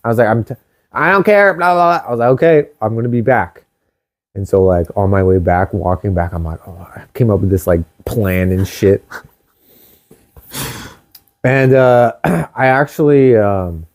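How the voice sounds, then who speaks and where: A young man co-hosting a casual chat show, telling a story in an animated way, swearing freely and acting out what people said. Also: on the low side, normal speed. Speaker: co-host.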